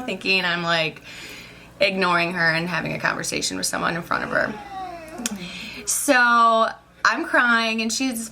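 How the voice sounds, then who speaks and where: A young woman, a vlogger and social worker, talks about her day in a casual, emotional vlog, her mid-range voice bright and forceful. She rambles and says "like" constantly.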